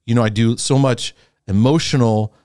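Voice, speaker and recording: A man's voice: mid-range voice, fairly even intonation, moderate pace, darkish tone, no room sound, clean studio sound. A man hosting a podcast, talking in a candid, reflective way with frequent hesitations and restarts. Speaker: podcast host. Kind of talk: candid conversational podcast talk.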